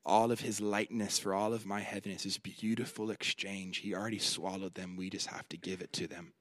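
At a conference, a man delivers a sermon in a low, level voice, his phrasing slow and deliberate, with repeated lines and loud, emphatic peaks. No room sound is audible.

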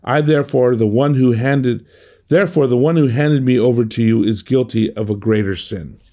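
A man's voice: mid-range voice, moderate pace, warm tone. A middle-aged man giving an earnest sermon as a pastor, often restarting and repeating words as he goes.

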